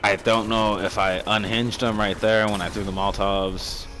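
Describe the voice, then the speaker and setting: A young man giving casual, rambling commentary over a game recording, excitable and swearing freely. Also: fairly low pitch, moderate pace, slight background noise. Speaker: gaming commentator.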